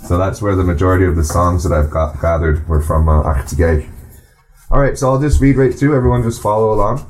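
A man teaching a class, speaking in an unhurried way and pausing often with ums and uhs. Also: low-pitched, darkish tone. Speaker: language and culture teacher. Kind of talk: informal class talk.

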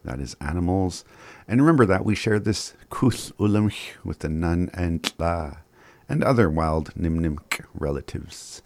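A man's voice: low-pitched, animated, unhurried, no room sound. A man hosting community radio, reading daily announcements in an easygoing way, chuckling and stumbling over words now and then. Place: radio studio.

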